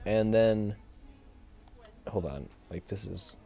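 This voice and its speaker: A man's voice: lowish voice, takes it slowly, creaky, warm tone. A young man hosting a let's play, giving rambling, jokey commentary and laughing often. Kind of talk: casual gameplay commentary. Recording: slightly dull home mic with game music.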